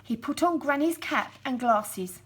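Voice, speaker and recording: A woman reads a children's storybook aloud in a slow, unhurried voice. Her tone is gentle and a little breathy, with a slightly high pitch. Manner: slow, gentle, expressive reading.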